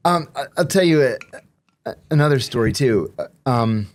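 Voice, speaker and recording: A man who is a former intelligence officer, telling anecdotes as a guest in a measured, explanatory way. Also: mid-range voice, expressive. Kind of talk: conversational anecdotes.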